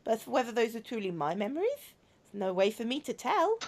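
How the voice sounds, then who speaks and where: A woman voicing a young, gentle robot girl in a visual novel, speaking softly and earnestly with a sorrowful, wistful tone. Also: a little high, very animated, a little fast. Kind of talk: reading a visual novel aloud.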